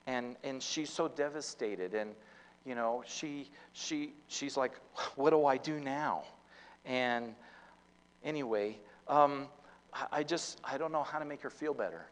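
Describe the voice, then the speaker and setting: A man's voice: medium pitch, measured pace, low-quality recording. A man preaching a sermon as pastor, telling a story with many fillers and restarts, his volume rising and falling. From United States.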